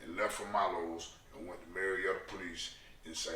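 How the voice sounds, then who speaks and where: Animated man in echoey room. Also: deep voice, moderate pace, far from the mic, slight background noise. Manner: animated, profane, acts out voices in his stories. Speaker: guest. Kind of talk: storytelling in a casual interview. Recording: echoey room, set back from the mic.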